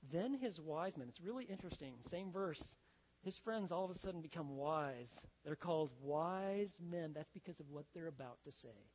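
A man with a notably high voice preaches a sermon in a loose, chatty, storytelling style, slipping into the scenes he describes. His voice carries a long reverb, as from a big hall, and the sound is a little dull and muffled. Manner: conversational, storytelling preacher who acts out scenes. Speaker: pastor.

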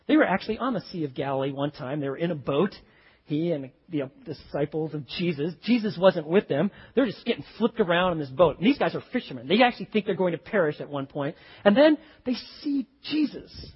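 Husky high-voiced man preaching with swings. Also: highs cut off. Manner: animated storytelling, swings from loud to hushed. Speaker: pastor. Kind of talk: sermon.

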